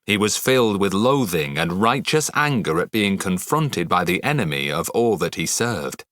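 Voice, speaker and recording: Low-voiced male audiobook narrator. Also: a bit bright, no echo. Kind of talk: first-person audiobook narration.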